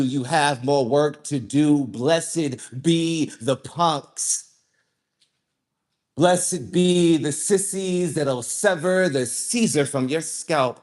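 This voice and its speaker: A man performing a lyrical spoken-word poem in a measured, deliberate way. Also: mid-range voice. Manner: slow, measured, lyrical delivery. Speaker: performance poet.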